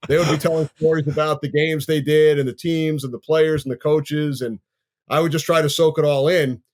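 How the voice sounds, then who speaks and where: Man in his fifties, sports broadcaster, from Long Island, measured storytelling, slightly high pitch. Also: fairly even intonation, darkish tone. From Long Island, New York. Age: 50s. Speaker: sports play-by-play broadcaster, guest. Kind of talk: podcast interview storytelling.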